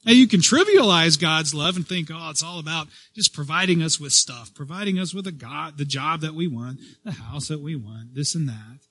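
A man's voice: a little high, animated, moderate pace, few pauses, breathy edge, dry recording. Emphatic preaching pastor, man. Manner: emphatic preaching, swelling louder on key phrases then dropping soft; repeats and restarts phrases as he speaks. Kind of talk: sermon.

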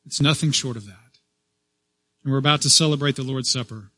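A man preaching a sermon as pastor, stressing key phrases loudly, then dropping to a soft voice, and restarting phrases as he goes. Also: medium pitch, brisk, no room sound. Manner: repeats and restarts phrases as he speaks.

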